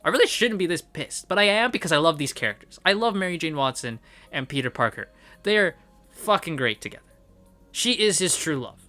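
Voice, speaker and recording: A man's voice: a little high, expressive, fairly quick, pushed and bright, faint music behind. A man reviewing comics in an angry, profane rant, repeating his points for emphasis. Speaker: comic book commentator. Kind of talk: ranting review.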